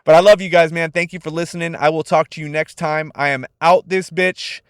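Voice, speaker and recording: Brief: young man from California, slightly higher voice, dry close podcast sound, swears freely while chatting. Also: brisk, clear, resonant tone, dry recording. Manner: profane, laid-back and animated. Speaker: podcast host. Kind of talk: casual solo podcast monologue.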